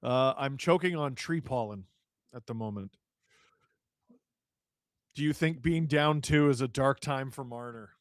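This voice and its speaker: A man hosting a live stream, reading viewer chat with jokes and shouting play-by-play when a goal goes in. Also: mid-range voice, unhurried, pauses often, no echo, studio quality. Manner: joking, excitable, shouts on goals. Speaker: livestream host reading chat. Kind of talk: casual live watch-along chat and play-by-play.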